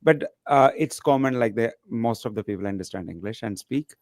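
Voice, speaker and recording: A man from India, hosting a webinar and asking curious, halting questions. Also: medium pitch, a little mellow, no room sound, clean studio sound. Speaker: webinar host.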